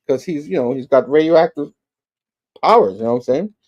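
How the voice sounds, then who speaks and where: A man's voice: fairly high pitch, brisk, a little mellow, muffled recording. A male host casually recapping a comic book, chuckling as he tells the story.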